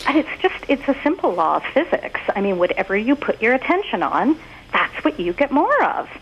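A woman who is a guest on a podcast, talking casually and telling stories in an expressive, animated way. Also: fairly high pitch, brisk, dull audio, a little hiss or hum. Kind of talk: casual conversational interview.

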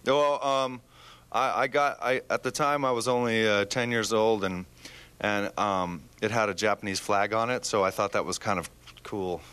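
A man being interviewed as a musician, joking and halting with fillers. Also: lowish voice, steady tone, a bit bright, smooth. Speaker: musician guest. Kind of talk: casual interview.

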